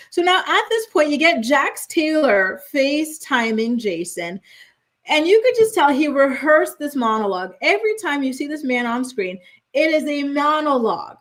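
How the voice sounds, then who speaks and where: A young woman with a slightly high voice recaps reality TV as host, chatty and opinionated. She talks fast and loose, throwing in exasperated asides. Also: animated, a bit bright.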